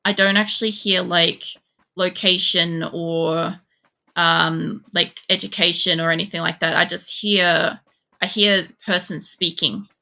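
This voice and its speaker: Gravelly-voiced woman streamer chatting while gaming. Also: fairly low pitch, pushed and bright. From Poland. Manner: rambling, swears freely, many fillers. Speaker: game streamer. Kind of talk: casual chat while gaming.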